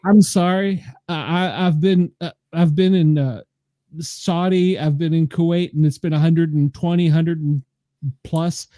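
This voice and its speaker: Laid-back man from the US South, warm tone. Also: fairly high pitch, fairly even intonation, measured pace, no echo. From Southern United States. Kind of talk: casual storytelling.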